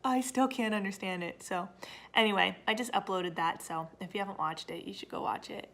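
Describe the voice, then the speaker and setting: A woman's voice: medium pitch, fairly quick, gravelly, a bit bright. A young woman chatting casually at home in her family vlog, rambling with fillers and little laughs. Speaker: vlogger mom.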